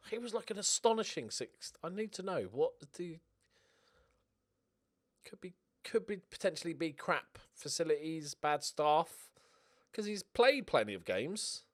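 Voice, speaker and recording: Guy streaming a game, lively up-and-down voice, shouts and swears when it goes well. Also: a little high, measured pace. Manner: excitable, swears, cheers at goals. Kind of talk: casual gaming commentary.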